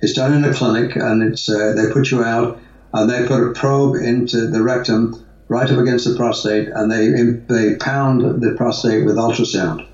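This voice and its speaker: A man's voice: medium pitch, fairly even intonation, normal speed, a little mellow. Man answering at length, far off in a room. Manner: rambling, with many restarts and fillers. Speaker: guest, natural health advocate. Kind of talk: conversational interview answers. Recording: roomy, distant, dull sound.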